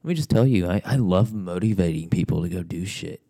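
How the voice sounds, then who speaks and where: A man's voice: low voice, lively intonation, brisk, vocal fry, dark tone. A man giving a blunt, profane motivational rant, swearing constantly and repeating himself.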